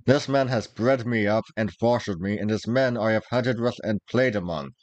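A man's voice: lowish voice, moderate pace, no room sound, dull audio, close to an everyday voice. A man reading aloud, voicing a proud, hot-tempered young male outlaw archer in old-fashioned speech. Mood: earnest. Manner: archaic, old-fashioned speech, forceful outbursts.

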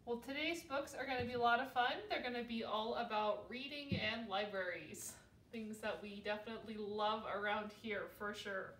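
A woman as a children's librarian, reading picture books aloud for babies in a sing-song, animated way. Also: on the high side, moderate pace, a little hiss or hum. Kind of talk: storytime read-aloud for babies. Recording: roomy, from a distance.

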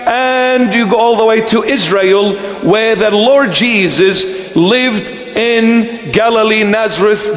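Slow high-voiced bishop in echoey church. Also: male voice, a bit bright. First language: Aramaic. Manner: slow, repeating phrases for emphasis. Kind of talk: sermon.

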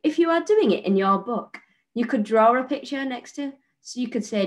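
A female primary school teacher with a British accent, giving a recorded online lesson to young children in a clear, patient, encouraging way and often checking in with "okay?". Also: on the high side, lively intonation, moderate pace. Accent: British English.

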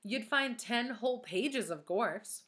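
A woman's voice: fairly high pitch, expressive, slow pace, fairly bright tone, pitched above the performer's own voice. A woman voicing an eager, hopeful young schoolboy in a storybook reading.

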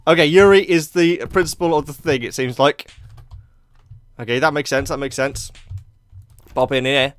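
Excitable man gaming. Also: a little high, dry recording. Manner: excitable, chatty, laughs and jokes often. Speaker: YouTube gamer. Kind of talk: let's play commentary.

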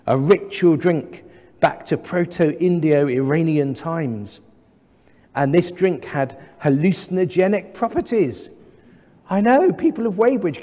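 An English man in his thirties, the new vicar, preaches a sermon in a large church, measured and gently humorous, posing rhetorical questions to the congregation. His voice is a little high, and the recording carries long church reverb.

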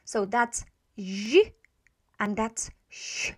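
A fairly high-pitched woman giving a pronunciation lesson at an unhurried pace. She models each sound patiently and repeats it over and over, with plenty of hesitations between explanations. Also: lively intonation, a bit bright. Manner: frequent hesitation fillers. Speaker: language teacher.

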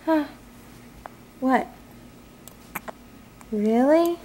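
High-voiced mother cooing to her baby. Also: very slow, dark tone, a little hiss or hum. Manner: cooing, sing-song talk to a baby. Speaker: new mother. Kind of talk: home video baby talk. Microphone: handheld camcorder.

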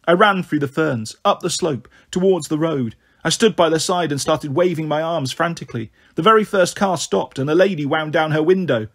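A man reading a children's novel aloud in a measured, earnest storytelling manner. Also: fairly high pitch. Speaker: audiobook reader. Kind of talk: scripted narration of a children's novel.

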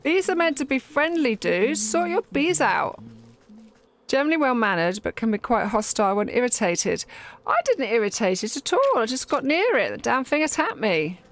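A woman giving chatty, excitable commentary while playing a game. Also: fairly high pitch, normal speed. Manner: chatty, giggly, exclaiming. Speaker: game streamer. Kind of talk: gameplay commentary.

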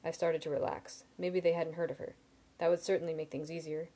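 Mellow woman reading a novel aloud. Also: low-pitched, flat delivery, brisk. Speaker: audiobook reader. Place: home.

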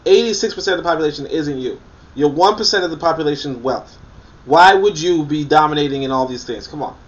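A man's voice: fairly high pitch, muffled recording. Emphatic man reading and critiquing, distant mic. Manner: emphatic, repeats points for emphasis; incredulous and scoffing. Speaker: commentator. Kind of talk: reading a book aloud with critical commentary.

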